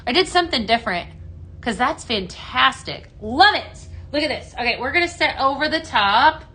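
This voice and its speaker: A woman's voice: high voice, animated, normal speed, sharp tone. A woman from the American Midwest hosting a live product demo, chatty and enthusiastic, greeting viewers by name. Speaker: home fragrance consultant hosting a live sale.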